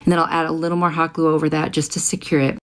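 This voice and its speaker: This voice-over comes from a middle-aged woman who runs a craft channel, walking listeners through each step in a friendly, relaxed manner. Her voice is a little low for a woman, and she races along with a flat delivery.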